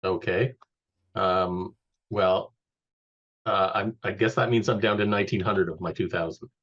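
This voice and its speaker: A man playing in a tabletop game, talking in a dry, deliberate way with pauses and fillers. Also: deep voice, fairly even intonation, a bit bright, dull audio. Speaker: player. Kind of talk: casual game chat.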